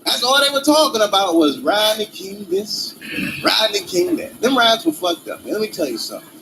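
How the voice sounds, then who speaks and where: Man, stand-up comedy in role-play, very high voice, lively and swooping, profane, laughing storyteller, noisy background. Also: moderate pace.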